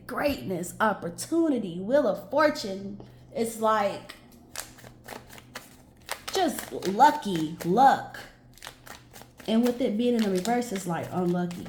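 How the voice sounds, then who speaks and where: Female tarot reader, slow thoughtful delivery, casual musing aloud, roomy echo. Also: medium pitch, a little mellow, a little hiss or hum. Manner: musing, talks to herself and viewers, stretches words. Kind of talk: casual tarot reading monologue.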